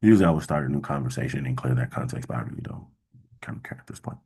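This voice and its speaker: Male workshop host, very low and gravelly, husky tone, talks through his screen in a halting, exasperated way. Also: dark tone. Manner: thinks aloud, halting with fillers, mildly exasperated. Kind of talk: casual screen-share coding walkthrough.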